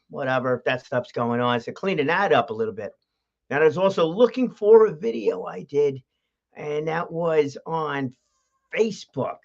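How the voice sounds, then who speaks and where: Casting chatty New guy hosting a home livestream, loose and rambling, muffled lo-fi sound. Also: fairly high pitch. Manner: chatty, laughs often, many fillers and restarts. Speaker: host of a livestream show. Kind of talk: casual rambling livestream chat. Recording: dull lo-fi stream audio.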